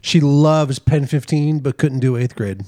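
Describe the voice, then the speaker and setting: A man on a casual podcast panel, tossing in wry, quick interjections. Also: medium pitch, a little mellow, dry recording, clean studio sound. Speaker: podcast co-host.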